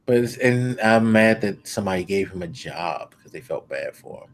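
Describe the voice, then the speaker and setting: A man's voice: lowish voice, expressive, moderate pace, a little hiss or hum. A man hosting a podcast, chatting casually with teasing, laid-back banter. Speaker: podcast host. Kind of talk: casual chat.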